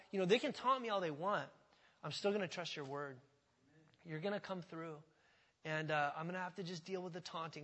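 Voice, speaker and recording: A man's voice: a little high, fairly bright tone. A man preaching a sermon in a church, speaking conversationally and putting questions to the congregation. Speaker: pastor. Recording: hall reverb.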